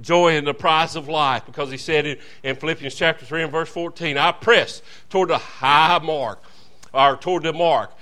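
A man's voice: fairly high pitch, normal speed, bright, forceful tone. A man preaching a fervent, folksy revival sermon as a visiting preacher, calling out to the congregation.

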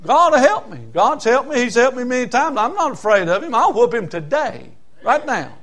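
A man's voice: very high voice, very animated, normal speed, fairly bright tone, voice pushed up, full character voice. A man with a Southern US accent voicing a fearless, eager young shepherd boy. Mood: defiant. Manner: eager, defiant.

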